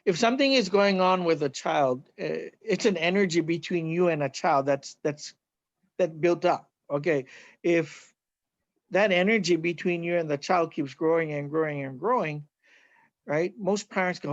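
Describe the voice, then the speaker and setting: A man's voice: fairly high pitch, moderate pace, dry recording, muffled recording. A middle-aged man from Hawaii, a healer, earnestly explaining his teaching in an interview and often checking in with "right?".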